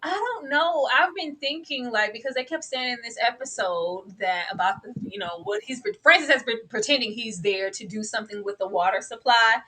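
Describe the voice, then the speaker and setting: A woman hosting a casual TV recap chat, expressive and dramatic, prone to laughing asides. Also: fairly high pitch, brisk, hardly any pauses. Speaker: podcast host.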